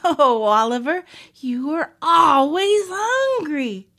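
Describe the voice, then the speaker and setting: A bright, high little girl mouse from a storybook, sing-song and teasing, her voice leaping up and down, as a woman reads her out. She speaks slowly, taking her time over each word. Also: big pitch swings, exaggerated voice. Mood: cheerful teasing.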